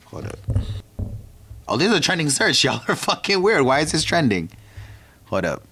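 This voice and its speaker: A man's voice: a little high, sing-song, brisk, bright, forceful tone, a little hiss or hum. A young man from Virginia hosting a podcast, ranting in a brash, profane, casual monologue that keeps breaking off mid-thought. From Virginia, United States. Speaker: podcast host.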